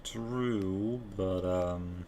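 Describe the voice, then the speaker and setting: A man's voice: low-pitched, very slow, mellow, slight background noise. A man casually reacting and chatting while live-streaming a video game.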